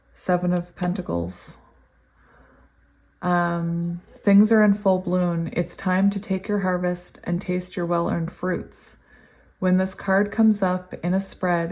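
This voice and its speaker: Excitable low-voiced woman tarot reader. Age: adult, long sober. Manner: excitable, gushing, laughs often; reads card messages aloud in a steady cadence. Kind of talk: pick-a-card tarot reading.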